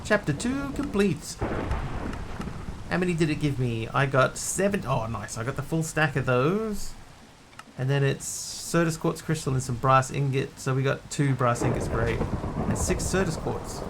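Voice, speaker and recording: A man's voice: medium pitch, sing-song, unhurried, background noise. A man streaming a game, chatting and joking with his chat as he plays. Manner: chatty, jokey, talks to chat while playing. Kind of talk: casual gameplay commentary.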